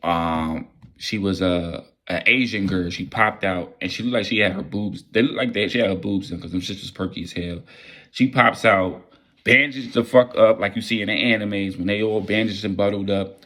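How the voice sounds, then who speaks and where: A man telling a wild personal story in a casual, profane and excitable way. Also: on the low side, moderate pace.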